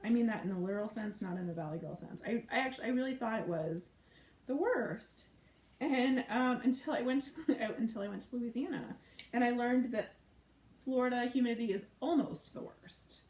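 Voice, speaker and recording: Her voice sits on the high side but has a darkish tone, with lively intonation and a slightly quick pace. She's a cooking show host running a live stream, playfully chatting and reading viewer comments while she cooks, recorded in an echoey room with faint noise.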